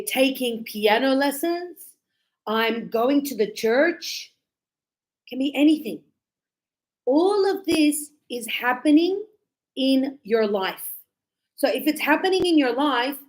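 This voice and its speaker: Slow-paced lively woman teaching a class. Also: high voice, rough recording. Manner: lively, acts out student dialogues with quick questions. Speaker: English teacher. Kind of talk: classroom lesson.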